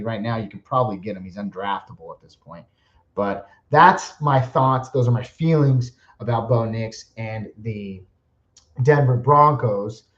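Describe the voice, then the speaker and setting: A man hosting his own podcast, giving opinionated, casual football analysis and often correcting himself. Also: mid-range voice. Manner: casual, opinionated, self-correcting with small laughs. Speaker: podcast host. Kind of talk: solo fantasy football analysis. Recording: echoey room, dull lo-fi sound.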